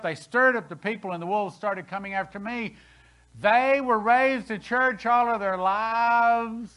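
A man in his sixties preaches with a bright, forceful edge to a voice that sits a touch high for a man. He swings from hushed asides to loud, rising declarations as he drives each point home. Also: low-quality recording. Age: 60s. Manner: dramatic preaching, voice rising and falling sharply. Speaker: pastor. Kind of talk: sermon. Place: church sanctuary.

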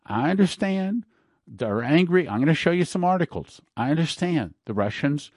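A man's voice: fairly high pitch, sing-song, moderate pace, darkish tone, breathy edge, no echo, clean studio sound. A man hosting a prophecy broadcast, preaching fervently and hammering his points with repeated words. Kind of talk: preaching talk with ad reads.

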